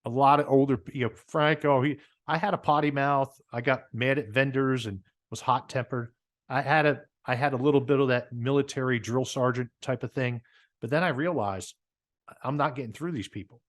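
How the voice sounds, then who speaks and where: A man with a New Jersey accent, a guest telling stories in a casual interview, animated and repeating words as he talks. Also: mid-range voice, normal speed. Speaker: guest, business owner.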